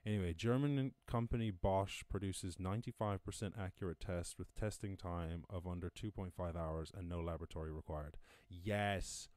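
An Irish-accented man hosts a casual podcast live-stream from home during lockdown, reading the news, riffing on it, swearing freely, and laughing at his own jokes. His voice is low and a little mellow, with a moderate pace, few pauses, and no room sound.

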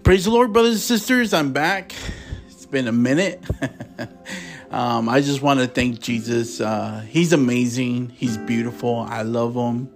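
A man's voice: mid-range voice, unhurried, soft background music. A man hosting a preaching podcast, speaking with passion and stumbling a little when he reads scripture aloud.

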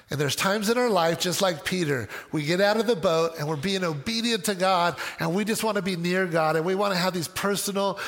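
A male pastor preaching a sermon in an animated way, with joking asides. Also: on the high side, vocal fry, in a large hall.

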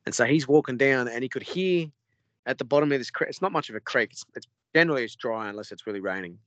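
An Australian man, a podcast guest, telling a story in a rambling, animated way with lots of swearing. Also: medium pitch, quick pace, no room sound, lo-fi sound. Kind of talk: casual storytelling.

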